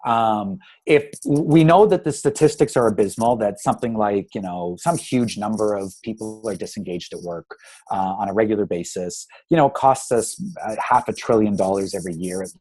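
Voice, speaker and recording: A man's voice: on the low side, normal speed, rough recording. A man in his thirties, a guest in a conversational interview, talking animatedly and acting out stories with many restarts. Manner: animated, acts out anecdotes; frequent restarts and fillers. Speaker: guest speaker on engagement.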